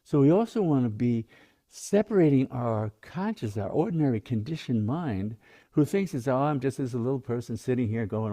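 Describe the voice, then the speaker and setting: A man teaching meditation, speaking slowly and gently in a guided meditation talk. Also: medium pitch, lively intonation. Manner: slow, gentle, soft-spoken, drawn-out phrasing.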